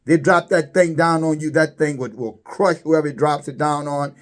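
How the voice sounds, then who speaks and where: Halting preacher man, rising emphasis. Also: steady tone. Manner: halting, repeats words, rises high when stressing points. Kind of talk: religious commentary sermon.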